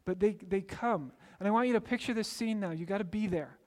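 A man preaching a sermon in a high voice, bringing the story to life by acting out its characters. His words ring with the long reverb of a large hall. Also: brisk, darkish tone. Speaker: pastor.

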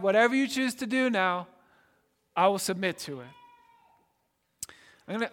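In a big hall with long reverb, a man delivers a sermon in a high, slightly bright voice. The pastor speaks earnestly, frequently asking "right?" and repeating words as he makes his points.

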